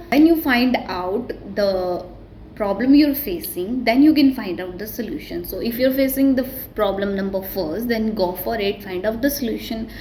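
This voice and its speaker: A woman, not a native English speaker, giving a casual self-recorded pronunciation tutorial and talking quickly with many restarts. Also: medium pitch, darkish tone, a little hiss or hum, poor audio. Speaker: vlogger teaching English pronunciation.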